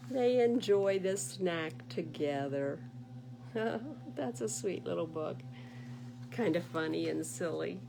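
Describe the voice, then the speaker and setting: A woman librarian reading picture books aloud at a baby storytime, animated and sing-song, talking to little listeners. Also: medium pitch, vocal fry, a little hiss or hum. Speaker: children's librarian.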